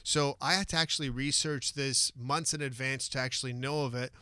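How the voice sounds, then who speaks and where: A man co-hosting a sports talk show, animated and opinionated as he gives his takes. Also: mid-range voice, brisk, clear, resonant tone, no echo, clean studio sound. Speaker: sports co-host. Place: studio.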